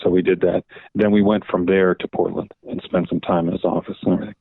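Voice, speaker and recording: An older man tells long, meandering stories as a podcast guest, looping back with "so anyway" and acting out the dialogue. His voice is low and gravelly. It comes through a dry, tinny, phone-like line. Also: little pitch movement, fast talker, dry recording. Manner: rambling anecdotes, repeats "so anyway", acts out quoted dialogue. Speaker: guest, veteran comics editor. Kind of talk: casual interview storytelling.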